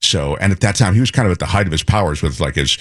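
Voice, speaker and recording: A man co-hosting a show, telling a lively anecdote in casual chat and imitating people as he goes. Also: sits low, rapid-fire, no room sound, clean studio sound. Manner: animated anecdote teller, imitates voices.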